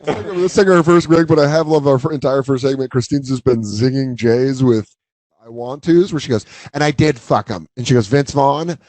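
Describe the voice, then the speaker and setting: A male host riffing quickly through casual comedy banter. His voice is mid-pitched and joking. It is recorded close on a dry mic with no room echo. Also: darkish tone.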